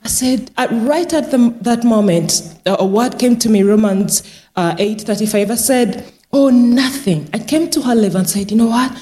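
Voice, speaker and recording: A woman care worker giving a church testimony, telling her story lively and acting out the dialogue. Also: on the high side, moderate pace.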